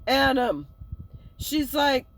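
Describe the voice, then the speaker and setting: A woman's voice: high voice, drawn-out words. A woman casually telling a personal story, acting out the dialogue and laughing at herself as she goes. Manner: animated, acts out the dialogue, laughs while telling; self-mocking, with many fillers and restarts.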